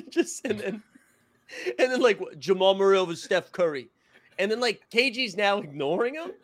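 A man's voice: high voice, sing-song, moderate pace. A man co-hosting a casual sports talk show, telling anecdotes animatedly and laughing through them. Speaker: podcast co-host.

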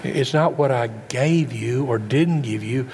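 Speaking slowly with a darkish tone, a man preaches in a large hall where his mid-pitched voice carries a long echo over a low background hum. He keeps questioning the congregation and often trips over words, starting them again mid-phrase.

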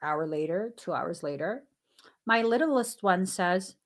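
A woman hosting a spiritual podcast, talking earnestly and candidly with thoughtful pauses. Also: fairly low pitch, animated. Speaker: podcast host. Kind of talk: reflective spiritual podcast talk.

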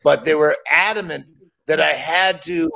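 Man from massachusetts, gravelly voice, slightly high, hesitant, stammering, casual chat. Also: fairly even intonation, normal speed, pushed and bright, lo-fi sound. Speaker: comedian guest.

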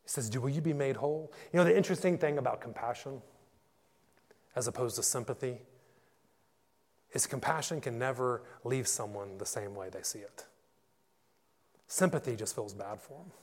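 Gravelly man preaching in a hall. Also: medium pitch, normal speed, pauses often. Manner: passionate storytelling, rising to shouts in climaxes. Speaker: pastor. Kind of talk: sermon. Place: church. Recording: echoey church hall.

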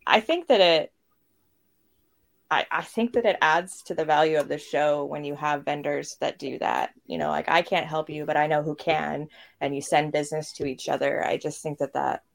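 A woman's voice: low-pitched, moderate pace, gravelly. A woman co-hosting a casual chat, talkative and laughing often. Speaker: podcast co-host.

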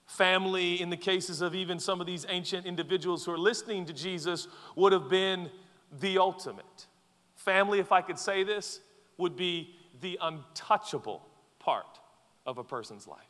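A man preaching a sermon as pastor, swinging between loud pleading and quiet, intense passages. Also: high-pitched, normal speed. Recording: long hall reverb.

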